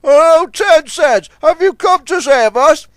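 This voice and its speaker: A man's voice: extremely high pitch, expressive, takes it slowly, no room sound, studio quality, voice pushed up, heavily acted. A man voicing a fussy, self-important male tugboat with a plummy, exclaiming manner in a storybook reading. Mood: alarmed. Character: pompous older male tugboat, fussy and posh.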